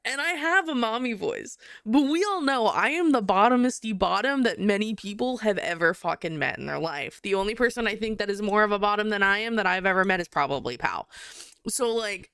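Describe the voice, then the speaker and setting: Giggly young woman live-streaming, crisp close voice. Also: mid-range voice, no room sound. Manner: giggly, animated, swears casually. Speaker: livestreamer chatting with viewers. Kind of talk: casual live-stream chat.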